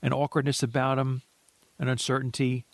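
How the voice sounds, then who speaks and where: Measured man in dry movie-podcast chat. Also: mid-range voice, flat delivery, dry recording. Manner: measured, thoughtful, trails off into restarts. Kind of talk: casual movie discussion.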